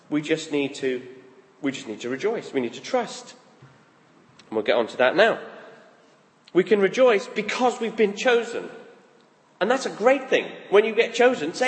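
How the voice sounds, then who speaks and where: A man preaches in a high, very animated voice, swooping up and down as he talks plainly with his congregation. His words ring out with the long reverb of a large church hall. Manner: lively, conversational, acts out quoted thoughts. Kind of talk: sermon.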